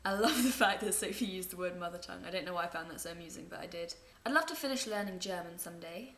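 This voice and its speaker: A woman's voice: lowish voice, fast talker, fairly bright tone. A young woman, chatting to camera at home as she answers viewer questions, rambling and amused by her own asides. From England. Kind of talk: casual chat to camera. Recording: echoey room, faint background noise.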